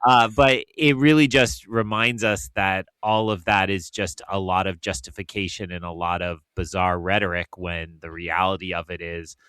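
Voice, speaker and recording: A man's voice: deep voice, fairly even intonation, normal speed, few pauses, fairly bright tone, smooth, no echo. A man guesting on a film podcast in casual chat, thoughtful and dryly teasing.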